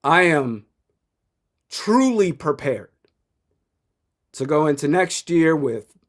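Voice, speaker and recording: A man's voice: fairly high pitch, very animated, slow pace. A young man in his twenties commenting live on a football game, blunt and opinionated, chuckling often. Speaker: sports streamer.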